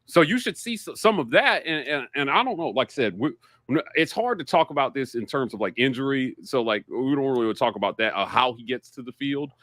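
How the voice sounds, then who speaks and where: A man co-hosting a sports podcast, animated and excitable, jumping in often on a close mic. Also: mid-range voice, a little fast, dry recording. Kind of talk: casual sports talk.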